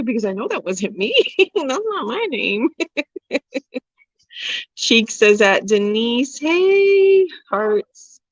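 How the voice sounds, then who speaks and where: A woman's voice: on the high side, sing-song, slow pace, no echo, lo-fi sound. A woman in her forties hosting a casual livestream, reading viewer comments and chatting candidly, swearing and laughing freely. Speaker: livestream host.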